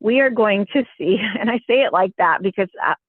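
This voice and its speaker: A woman guest telling gossip stories in an animated way, acting out quotes and swearing freely. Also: medium pitch, brisk. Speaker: podcast guest, gossip source. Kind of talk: rapid gossip storytelling on a phone line. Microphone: telephone. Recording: dry tinny phone line.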